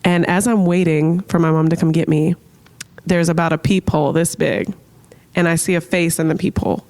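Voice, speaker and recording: A woman's voice: lowish voice, fairly even intonation, moderate pace, darkish tone. A woman in her late twenties from Florida, a podcast guest telling her life story with candor, acting out what she and others said. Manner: earnest, emotional, acts out her own and others' words. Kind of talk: candid personal storytelling.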